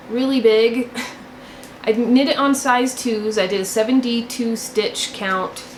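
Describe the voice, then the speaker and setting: A chatty young woman shows off her knitting in a relaxed, gushing way, stacking up repeated words when she gets excited. Her voice sits at an ordinary pitch for a woman. It bounces around an echoey room with a faint hiss behind it. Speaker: knitting podcast host. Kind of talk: casual show-and-tell chat.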